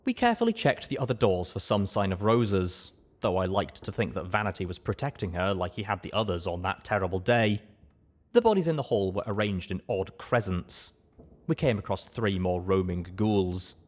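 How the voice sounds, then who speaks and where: A man reading a first-person fantasy audiobook in an expressive storytelling manner. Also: sits low. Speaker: audiobook narrator.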